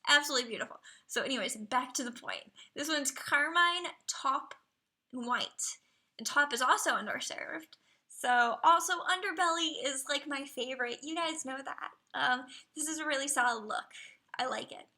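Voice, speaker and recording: A woman with a high, bright voice chats through a live stream in an upbeat, playful way. She fills the stream with eager, friendly commentary and sometimes drops into a soft whisper. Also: normal speed. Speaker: streamer reviewing viewers' dragons. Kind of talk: casual live-stream chat.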